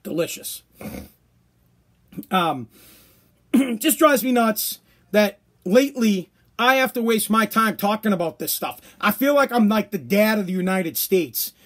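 A man with a very high voice rants through a casual podcast monologue. He swears freely and mocks with sarcasm, sounding worn out and tired. The talk is loose and profane. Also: animated, measured pace. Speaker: podcast host.

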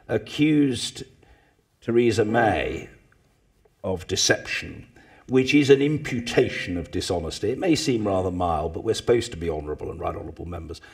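A man, telling anecdotes to a live audience, with loud mimicking bursts. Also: medium pitch, breathy edge. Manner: animated storyteller, mimics others with loud bursts. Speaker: former parliamentary speaker, guest.

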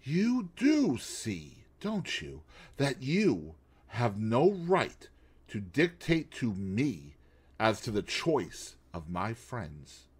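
A man's voice: medium pitch, wildly swooping pitch, breathy edge, exaggerated voice. A man doing a cool, icy, defiant wife. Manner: quiet, icy, slow. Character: cool defiant English wife, young adult.

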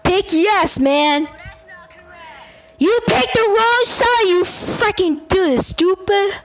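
Very high-voiced excitable woman reacting. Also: slow. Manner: excitable, bursts into shouts and gasps; blunt and scolding, swears at the game. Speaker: gameplay reaction commentator. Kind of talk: casual gameplay reaction commentary.

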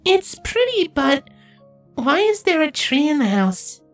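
A man voicing a sleepy, whiny young male changeling nymph in a storybook reading, halting and stumbling over words. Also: very high voice, sing-song, faint music behind, pitched above the performer's own voice, exaggerated voice. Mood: awed curious. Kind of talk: fanfiction reading.

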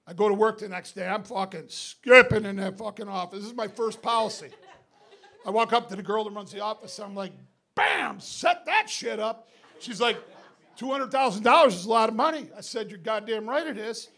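A middle-aged man from upstate New York doing stand-up, telling a story in a profane, animated way and shouting the punchlines. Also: high-pitched, a little fast, gravelly. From Binghamton, New York. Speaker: stand-up comedian. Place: comedy club stage with live audience. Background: audience laughter.

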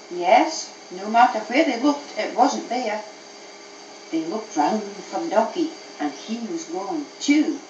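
A woman's voice: mid-range voice, slight background noise. Mother reading a bedtime story. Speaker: mother reading to her child. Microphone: tape recorder, later recorded from playback by phone. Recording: echoey, distant, dull old cassette tape.

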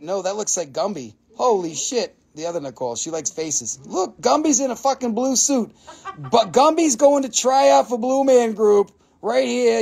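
High, gravelly man hosting a live sale. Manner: joking, profane, excitable; laughs often. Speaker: host selling minerals. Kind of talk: live stream sales chat.

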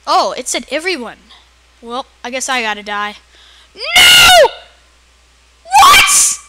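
A woman giving excitable let's play commentary, often yelling at the game. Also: fairly high pitch, normal speed, very noisy. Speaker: gamer. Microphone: personal computer mic.

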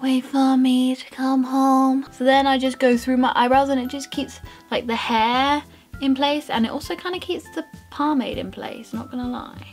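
A woman's voice: sits high, normal speed, faint music behind. Bubbly young woman vlogging. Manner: bubbly, rambling, giggly, self-mocking. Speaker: beauty vlogger. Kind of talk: casual makeup tutorial chat.

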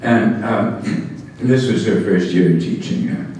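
Deep-voiced man telling stories in an echoey hall. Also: takes it slowly, a little mellow, a little hiss or hum. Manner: wry, amused storytelling. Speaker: education speaker. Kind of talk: storytelling talk to an audience. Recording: echoey hall, distant mic.

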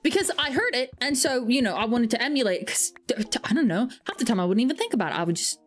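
Faint music plays behind this young woman as she streams a game, talking fast in a slightly high, expressive voice. Her casual chat wanders through self-deprecating stories packed with fillers.

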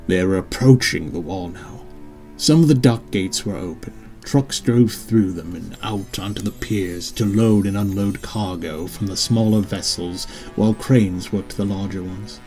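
A man narrating his own audiobook in a measured, descriptive storytelling manner. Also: deep voice, darkish tone, soft background music. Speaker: author and narrator.

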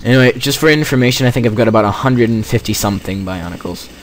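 A man's voice: medium pitch, fast, a little hiss or hum. A teenage boy doing gameplay commentary, rambling and jokey with self-mocking asides. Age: teens. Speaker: let's play gamer.

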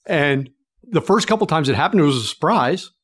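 A man's voice: fairly high pitch, animated, a little fast, fairly bright tone, breathy edge, no room sound, clean studio sound. A middle-aged man from Pennsylvania, a sales expert telling a long story in an interview and acting out the people in it.

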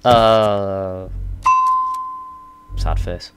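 A young British man casually commentating a game he is playing, excitable and self-mocking, blurting out swears. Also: mid-range voice, a little slow, long pauses. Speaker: let's play gamer. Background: game music.

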